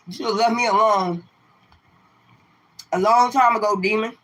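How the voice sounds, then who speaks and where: This tarot reader talks straight to her livestream audience with a sharp, forceful mid-range voice, keeping a fairly even intonation at a normal speed. Her rant is full of swearing and combative rhetorical questions she keeps returning to.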